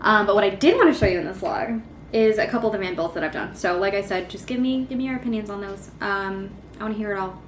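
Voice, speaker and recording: A woman's voice: medium pitch, fast talker. Young woman rambling on her vlog, lots of likes and ums, faint noise behind. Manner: chatty, rambling, many fillers. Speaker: vlogger. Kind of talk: casual vlog chat.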